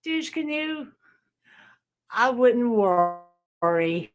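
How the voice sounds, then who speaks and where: A woman voicing a calm, unbothered toy friend who speaks low, flat and reassuring. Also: drawn-out words, heavily acted.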